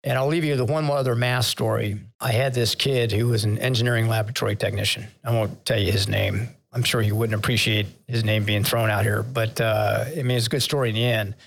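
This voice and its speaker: In a lowish, steady voice with vocal fry, a retired vice admiral talks a little fast and hardly pauses. The older former naval officer is a podcast guest sharing frank leadership stories, chuckling at himself and growing emotional at times.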